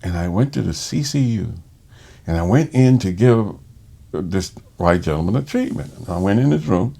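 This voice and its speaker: A man who works as a respiratory therapist, telling a personal story in conversation in an animated way. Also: on the low side, moderate pace, vocal fry, husky. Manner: animated, acts out quoted voices.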